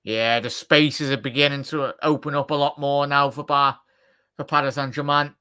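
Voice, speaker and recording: A man giving live match commentary on a fan watchalong, chatty and joking, shouting at the big chances. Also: medium pitch, flat delivery, normal speed, clear, resonant tone. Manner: chatty, jokey asides.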